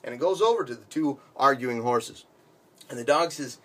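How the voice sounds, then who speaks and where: Husky-voiced man telling a long joke. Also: mid-range voice, moderate pace. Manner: animated storytelling. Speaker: joke teller.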